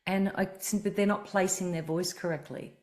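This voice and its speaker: A low-pitched woman hosting a podcast, talking about voice and the body as a singing teacher. She explains earnestly and keeps a conversational flow. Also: fairly even intonation, moderate pace. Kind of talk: casual podcast chat.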